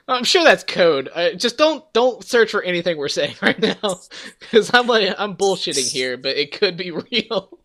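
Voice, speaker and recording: A man's voice: sits high, big pitch swings, a little slow, fairly bright tone. A young man hosting a gaming podcast in loose casual chat, laughing often, swearing and acting out scenes he retells. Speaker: podcast host.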